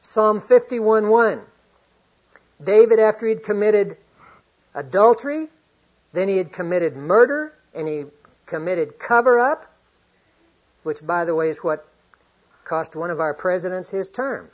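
Husky middle-aged preacher man. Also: sits high, lively intonation, a little slow, pauses often. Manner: earnest, swings from loud to hushed; reads scripture aloud often. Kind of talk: sermon. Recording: dull lo-fi recording.

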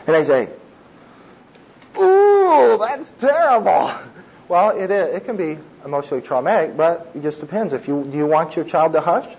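A middle-aged man preaches in a loose, talkative way, tossing in asides and short laughs. His voice sits a little high for a man and sounds husky, and the recording is dull and muffled. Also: fast, few pauses. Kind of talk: sermon on child discipline.

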